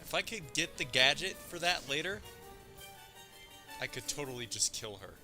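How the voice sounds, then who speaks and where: A man's voice: fairly high pitch, big pitch swings, normal speed, bright, forceful tone. A man giving casual, rambling gameplay commentary, often giggling at his own jokes. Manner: giggly, rambling, self-amused. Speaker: let's play gamer. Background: game music.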